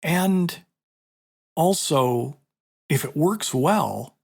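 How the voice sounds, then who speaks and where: A man's voice: on the high side, animated, extremely slow, vocal fry, a little mellow, slightly rough. A middle-aged man, a martial arts instructor, chatting casually and telling a story with lots of fillers. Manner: storytelling, conversational, many fillers. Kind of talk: casual monologue.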